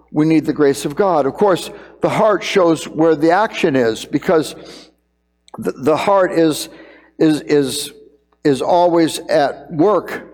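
A middle-aged man preaching as a pastor, earnest, sometimes acting out scenes in quick raised voices. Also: a little high, a little mellow, big-room sound. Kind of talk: sermon on parenting.

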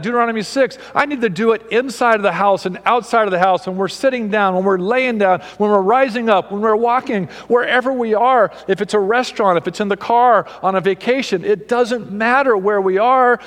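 A man preaching a sermon, emphatic, swinging between raised and hushed delivery. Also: fairly high pitch, in a large hall.

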